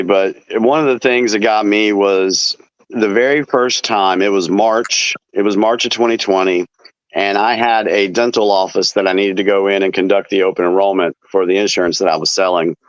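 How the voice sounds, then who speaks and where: A man hosting a casual chat, telling defiant stories in a relaxed way. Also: fairly low pitch, fairly quick, no room sound. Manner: relaxed storyteller, defiant anecdotes. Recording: dull lo-fi dry sound.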